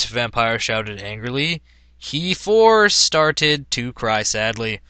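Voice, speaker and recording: A man's voice: mid-range voice, big pitch swings, slow pace, pushed and bright, smooth, no echo. Man doing an exaggerated comedic reading. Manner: exaggerated, sarcastic, laughing asides. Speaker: comedic reader. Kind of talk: mock-dramatic comedic reading.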